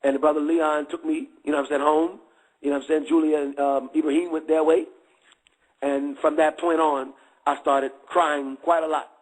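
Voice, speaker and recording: A man's voice: a little high, flat delivery, normal speed, low-quality recording. A middle-aged man giving a candid testimony in street slang, checking again and again that listeners follow.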